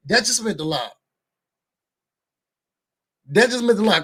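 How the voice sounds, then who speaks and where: A man from New York reviewing a reality show for his viewers in casual chat, an animated, slangy storyteller. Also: high voice, moderate pace, long pauses. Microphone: studio microphone.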